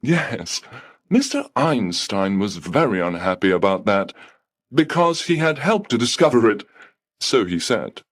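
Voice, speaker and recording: A polite, unbending receptionist at heaven's gate, played by a man, answers with calm, cool formality. His voice sits low and moves slowly, with lively rises and falls.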